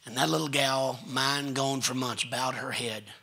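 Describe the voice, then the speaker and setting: A man preaching a sermon in a church, his voice raspy and sharply bright. He speaks with a drawl and tells homely family stories, voicing each relative as he goes. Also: mid-range voice, fairly even intonation, normal speed. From Texas. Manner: folksy storytelling preacher, quotes family members. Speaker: pastor. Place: church sanctuary.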